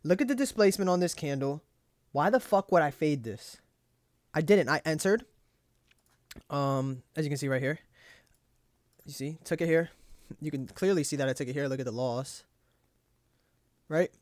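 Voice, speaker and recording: A young trading journal host with a fairly high voice reviews his trades aloud at normal speed, pausing often, in clean studio sound with no echo. He curses freely, talks himself through his frustration, and gives himself pep talks.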